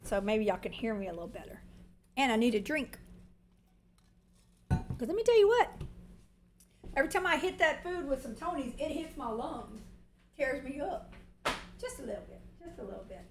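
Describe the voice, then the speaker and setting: A woman's voice: high-pitched, animated, a little fast, reverberant, slight background noise, rough recording. A woman with a Southern US accent, hosting a cooking livestream from her home kitchen and chatting at length as she works. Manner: chatty and long-winded. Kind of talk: casual cooking demonstration. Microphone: movable mic near the stove.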